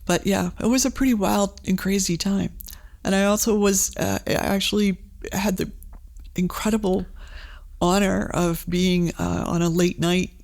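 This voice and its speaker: Gravelly-voiced middle-aged woman telling stories. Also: mid-range voice, measured pace. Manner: animated, frequent fillers and restarts, acts out quoted voices. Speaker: guest, advertising agency CEO and former state representative. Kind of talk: casual interview storytelling.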